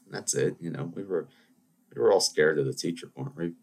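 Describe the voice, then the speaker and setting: A man's voice: low voice, a little fast, gravelly, slightly rough. A young adult man hosting a podcast, telling meandering personal stories full of restarts and asides. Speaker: podcast host. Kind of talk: rambling anecdotal storytelling.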